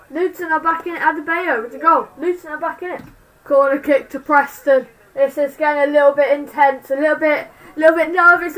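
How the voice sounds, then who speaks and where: A woman streaming live fan commentary on a football match, excitable, swinging between shouting and muttering. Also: sits high, recorded from a distance, poor audio.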